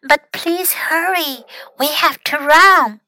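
City Mouse, a woman squeaking as a bossy city mouse. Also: slow, sharp tone, no room sound, full character voice. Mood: showing off. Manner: squeaky, urgent, showy.

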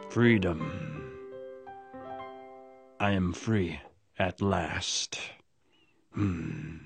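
Weary humble ex-convict, gravelly tone, slow and halting, storybook style. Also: male voice, mid-range voice, very animated, soft background music. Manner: hesitant, halting pleading. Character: weary, humble ex-convict man, middle-aged. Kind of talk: storybook voice acting.

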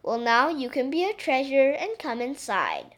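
Woman reading as a castle maid, jolly, bossy, brisk, storybook. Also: high-pitched, big pitch swings, a bit bright.

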